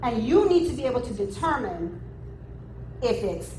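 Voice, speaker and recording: A woman preaching a sermon at a church women's event, lively and humorous, with playful asides. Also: on the high side, normal speed. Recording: echoey room from far off, noisy.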